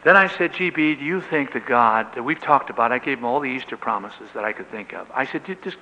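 Older male pastor, bright voice, earnest sermon storytelling, long hall echo, dull lo-fi tape. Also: mid-range voice, a little fast, a little hiss or hum. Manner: earnest, animated storytelling with rising emotional peaks.

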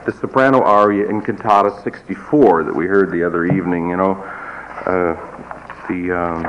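A man with a fairly low voice gives a classroom lecture, explaining patiently and drifting into wry asides. The recording is dull and lo-fi, with a faint hiss in the background. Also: moderate pace. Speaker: music teacher.

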